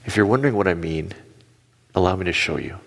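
A man's voice: low voice, quick pace, gravelly. A man in his forties preaching a sermon on stage, telling stories and acting out quotes with animation. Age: 40s. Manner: animated storytelling with acted-out quotes. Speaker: pastor. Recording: long hall reverb.

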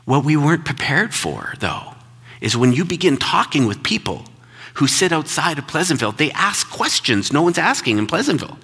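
A man's voice: a little high, big pitch swings, moderate pace, bright, forceful tone, breathy edge, long reverb tail. A middle-aged male pastor telling a personal story in a conversational, reflective sermon. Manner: conversational, reflective, repeats words when emphatic.

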